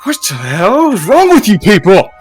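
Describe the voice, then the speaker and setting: A man's voice: high-pitched, huge pitch swings, moderate pace, faint music behind, voice pushed up. A man voicing an irritable male spellcaster in a tabletop game, swearing in exasperated outbursts. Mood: annoyed. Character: startled male caster, rude and irritable.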